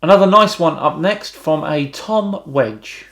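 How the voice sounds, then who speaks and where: A British man hosting a YouTube channel, reading out viewer comments and answering them with wry, deadpan remarks. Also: fairly high pitch, a little slow, vocal fry. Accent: British English. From Britain.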